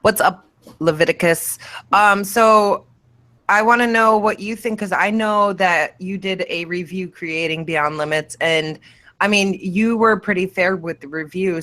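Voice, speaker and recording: A woman hosts a casual gaming chat with a bright, forward voice. She keeps things upbeat and peppers her guests with questions. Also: lowish voice. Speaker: podcast host.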